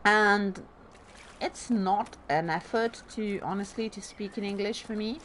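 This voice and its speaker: A woman's voice: mid-range voice, unhurried, fairly bright tone, a little hiss or hum. A woman from Bologna with a light Italian accent, chatting casually through a game with rambling, self-deprecating asides. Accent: Italian, slight Bolognese lilt. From Bologna, Italy. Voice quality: drama-school trained diction. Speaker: let's play host. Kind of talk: casual gameplay commentary.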